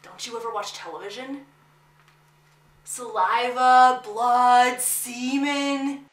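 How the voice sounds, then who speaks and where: An actress playing a bossy, squeamish amateur crime investigator, brash and theatrical, on a small stage. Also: female voice, a little high, fairly even intonation, slow pace. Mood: eager. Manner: brash, theatrical, easily grossed out. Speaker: stage actor. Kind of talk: live comedy stage acting. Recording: echoey theater room.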